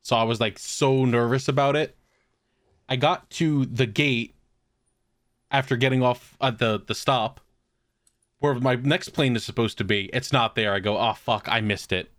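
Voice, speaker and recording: A man's voice: mid-range voice, measured pace, long pauses, dry recording, studio quality. A man telling a story on a podcast, laughing often and swearing as he goes. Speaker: podcast co-host. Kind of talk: casual storytelling chat.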